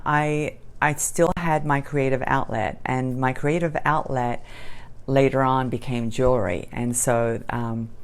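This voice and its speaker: A middle-aged woman with a faint Australian accent blended with American, chatting casually to camera about herself, with many ums and restarts. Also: deep voice. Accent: light Australian mixed with American. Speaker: jewelry maker and channel host.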